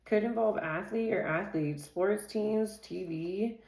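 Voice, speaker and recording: A woman's voice: medium pitch, slow pace, gravelly, darkish tone, reverberant. A woman reading tarot in a casual way. She rattles off lists of card keywords and often laughs and drifts into side chatter. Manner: laughs easily and chats off-topic. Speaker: tarot reader.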